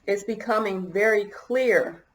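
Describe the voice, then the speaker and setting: A woman does a relaxed tarot reading for her viewers, her mid-range voice a touch slow. She muses and hesitates while thinking out loud, sometimes getting choked up or coughing. The recording is echoey and poor in quality.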